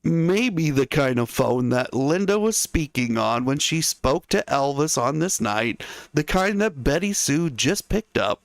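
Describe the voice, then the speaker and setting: A man hosting a history stream in a relaxed, conversational way, stopping often for musing asides to his audience. His voice sits a little high for a man. It is recorded close and dry, with almost no room sound. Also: measured pace, creaky, dry recording. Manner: chatty, musing asides to viewers. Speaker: history show host. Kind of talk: casual livestream history narration.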